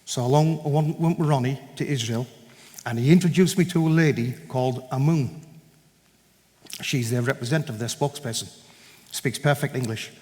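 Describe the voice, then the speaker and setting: A man giving a personal testimony at a church gathering, telling his story in an animated way and acting out the conversations in it. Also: mid-range voice, normal speed. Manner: animated storyteller who acts out dialogue. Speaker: guest speaker giving a testimony. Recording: echoey hall with long reverb.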